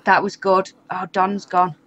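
A woman's voice: medium pitch, flat delivery, unhurried, a bit bright, dull audio, slight background noise. A woman giving casual, chatty commentary over a life-sim game, often exasperated and laughing. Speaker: gaming YouTuber. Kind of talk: casual let's-play commentary.

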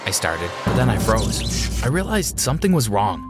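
A man narrating a dramatic first-person story in an expressive storytime style. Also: lowish voice, normal speed, loud music behind the voice.

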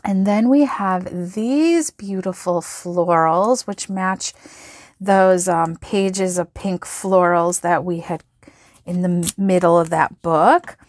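Gushing woman in a slow flip-through. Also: fairly low pitch, no echo, clean studio sound. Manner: gushing, gasps and exclaims over items. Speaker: planner and sticker vlogger. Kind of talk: excited product flip-through.

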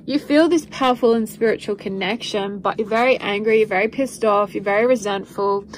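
A woman talks through a spiritual tarot reading, circling back over her points in an earnest, rambling way. Her voice sits at an ordinary middle pitch, with a faint hiss of noise underneath. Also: fairly quick, poor audio. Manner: meandering, repetitive, earnest, with light laughs. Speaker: tarot reader.

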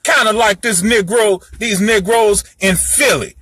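A man's voice: high-pitched, measured pace, pushed and bright, breathy edge, no room sound. A man giving a heated solo monologue to his audience, ranting in a fiery, profane, preachy way. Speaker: host lecturing his audience.

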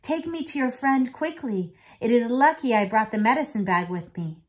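A woman's voice: a little high, expressive, moderate pace, voice pushed up, close to an everyday voice. A woman reading as a caring old grandfather. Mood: urgent. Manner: earnest storybook read-aloud voice. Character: gray-haired grandfather, protective and caring.

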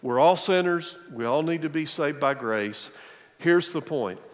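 Man, senior pastor, sermon, emphatic and repetitive, higher voice, long church reverb. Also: lively intonation, measured pace. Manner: emphatic, repeats key phrases for effect.

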